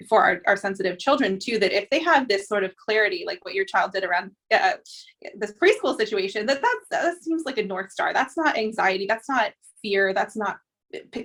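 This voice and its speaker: A woman's voice: mid-range voice, animated, moderate pace, a bit bright. Thoughtful woman podcast host. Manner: reflective, thoughtful, many fillers. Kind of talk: casual conversation.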